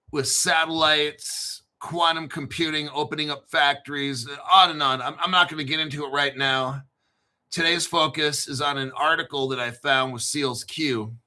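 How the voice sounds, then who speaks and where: Bright-voiced, joking man hosting. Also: fairly high pitch. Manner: joking, profane, storytelling. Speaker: crypto show host. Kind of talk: rambling casual monologue.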